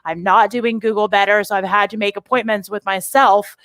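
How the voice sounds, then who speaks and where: Woman host, mid-pitched, rambling self-deprecating chat, dry close recording. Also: steady tone, brisk, fairly bright tone, no echo. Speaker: podcast host. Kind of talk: casual podcast chat.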